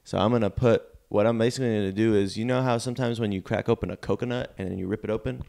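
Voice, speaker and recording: Gravelly-voiced man telling a wild story. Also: fairly low pitch, fairly even intonation, very fast, a little mellow. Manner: spins an escalating, exaggerated revenge tale. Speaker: podcast co-host. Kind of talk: casual comedic storytelling.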